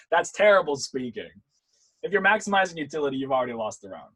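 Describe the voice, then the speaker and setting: Husky young man teaching debate online. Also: a little high, quick pace, poor audio. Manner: lively, demonstrative, swings between loud and quiet to show vocal variety. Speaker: debate instructor. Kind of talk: online workshop lecture. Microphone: computer mic on a video call.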